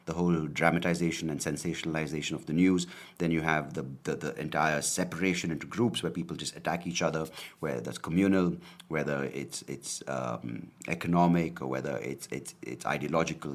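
Very deep-voiced man, rambling and profane. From India. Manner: rambling, profane, joking, self-deprecating. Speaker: comedian podcast host. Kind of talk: casual solo podcast monologue.

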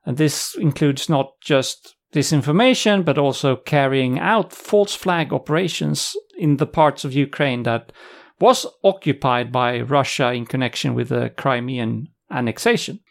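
A man's voice: mid-range voice, measured pace, creaky. A man co-hosting a podcast, talking casually and wryly as he walks through news and sources. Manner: conversational, wry, reads out sources and quotes. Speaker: podcast co-host.

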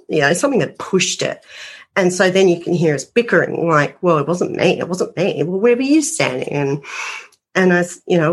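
Aussie woman, slowish lowish voice, rambly guest telling ghost hunting stories. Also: slightly rough. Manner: rambling, full of "you know" fillers. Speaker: paranormal investigator guest. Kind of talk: casual storytelling interview.

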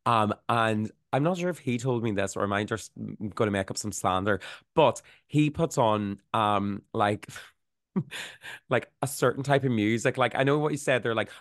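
A man's voice: on the low side, moderate pace, no room sound, clean studio sound. A man co-hosting a podcast, telling stories in a loose, laughing way with lots of fillers. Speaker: podcast co-host. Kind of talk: casual podcast chat.

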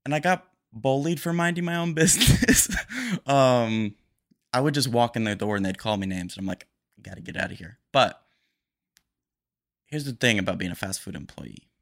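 A young man hosting a casual solo podcast, rambling quickly and a little nervous. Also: medium pitch. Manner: rambling, fast-talking and a bit nervous. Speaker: podcast host.

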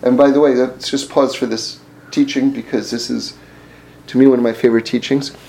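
A man giving an informal Torah class, animated and often laughing, repeating words as he thinks. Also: medium pitch, fairly quick, gravelly, slight background noise, rough recording. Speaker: Torah teacher.

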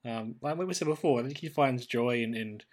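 Australian man, podcast co-host, casual chat, mid-pitched, lively tangents. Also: brisk. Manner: chatty, animated when quoting characters. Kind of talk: casual chat reviewing a cartoon.

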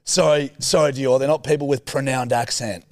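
A man's voice: mid-range voice, steady tone, a little fast, a little mellow, no echo, clean studio sound. A man co-hosting a comedy podcast, teasing and mock-grumpy as he judges. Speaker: podcast co-host. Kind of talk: casual podcast banter.

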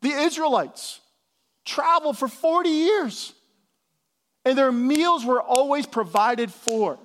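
A man's voice: very high voice, animated, slow, a bit bright, a little hiss or hum. A male pastor giving a sermon in a casual, conversational way, with slangy asides.

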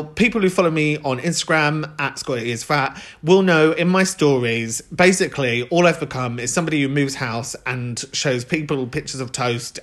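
A man's voice: a little high, a bit bright. A young man hosting a podcast in a casual monologue, chatty and swearing, laughing often. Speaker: podcast host.

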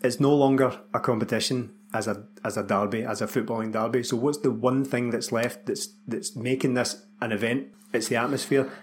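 A Scottish man co-hosting a casual football podcast, opinionated and quick to laugh. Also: medium pitch, steady tone, a little hiss or hum. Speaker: podcast co-host.

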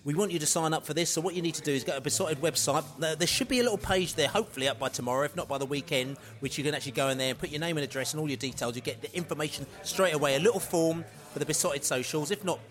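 A man's voice: fairly high pitch, racing, hardly any pauses. A man hosting a podcast, eagerly plugging a fan night out. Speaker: podcast host. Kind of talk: promotional chat.

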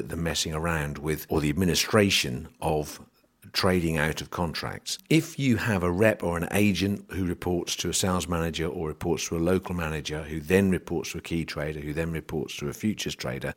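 A man hosting a podcast, explaining grain trading in a dry, sardonic monologue. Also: low-pitched. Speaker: podcast host on grain marketing.

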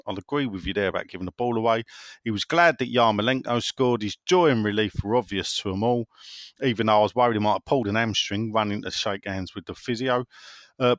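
A man with a lowish voice speaks fairly quickly in a dry recording. He hosts a casual football phone-in chat show, reading listener messages with wry, teasing asides and frequently interrupting himself.

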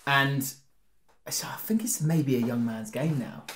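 A man co-hosting a podcast, chatting casually and quickly, often laughing. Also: medium pitch, echoey room, slight background noise. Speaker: podcast co-host. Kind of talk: casual chat.

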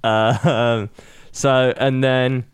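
A man's voice: medium pitch, flat delivery, extremely slow, clean tone, no room sound. A man hosting a comedy podcast, steadily recapping a TV series plot. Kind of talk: casual comedy podcast chat.

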